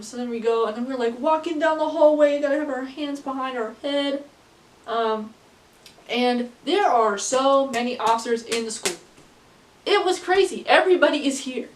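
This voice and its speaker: Casting: teen girl vlogger, slightly high voice, rambling and giggly, recorded far from the mic in a roomy space. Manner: rambling, many fillers, laughs often. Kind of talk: casual storytelling to camera. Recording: echoey room, distant from mic.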